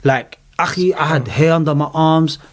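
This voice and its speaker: A man's voice: a little high, normal speed. A middle-aged man, animatedly telling his personal story as an interview guest in casual chat. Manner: animated storyteller, London slang.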